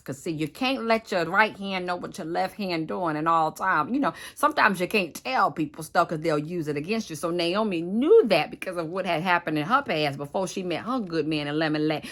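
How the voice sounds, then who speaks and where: Animated woman retelling a Bible story. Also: fairly low pitch, moderate pace, hardly any pauses. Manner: chatty, slangy, animated.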